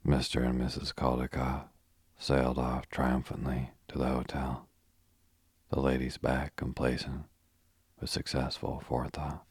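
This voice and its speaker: Low husky guy reading a sleepy audiobook, monotone, no room sound. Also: no room sound. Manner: even, unhurried reading. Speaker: audiobook narrator. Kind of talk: calm bedtime audiobook narration.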